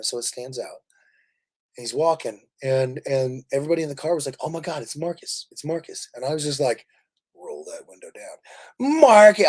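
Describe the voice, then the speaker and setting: Livestream host, male, a little higher-pitched, excitable rambling storyteller chatting with viewers. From Kansas City, Missouri. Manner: animated, laughing, rambling storyteller. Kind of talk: casual livestream chat.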